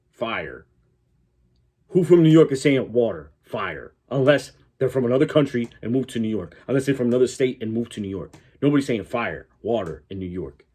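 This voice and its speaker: Connecticut guy reacting to a video, swears a lot, husky low voice. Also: warm tone. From Connecticut, USA. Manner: blunt, profane, talks back at the clip. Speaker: reaction YouTuber. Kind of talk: reaction commentary.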